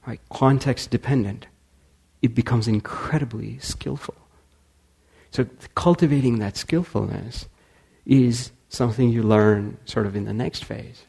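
Brief: male speaker, gravelly and husky, animated storyteller. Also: medium pitch, a little slow. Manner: animated storyteller acting out quotes. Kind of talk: storytelling talk.

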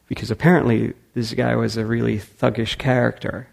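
Male storyteller giving a talk, animated, acting out quotes, husky with gravel. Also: medium pitch, a little fast. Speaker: speaker.

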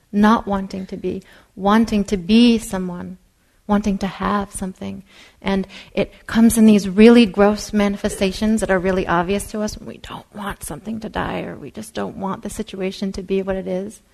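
A woman meditation teacher giving a dharma talk in a soft, unhurried way, sometimes dropping to a whisper. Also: medium pitch, fairly even intonation, creaky, rough recording. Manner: soft-spoken, drops to a whisper at times.

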